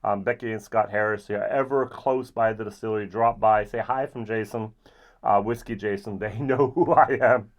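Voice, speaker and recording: A man giving a casual, rambling whisky tasting review, often pausing with ums. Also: lowish voice. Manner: relaxed, rambling with frequent ums.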